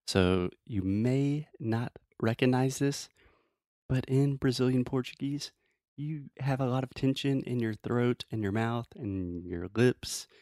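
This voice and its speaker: A man teaching English pronunciation in a casual, playful way, explaining slowly with many examples. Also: mid-range voice, warm tone, no echo, studio quality.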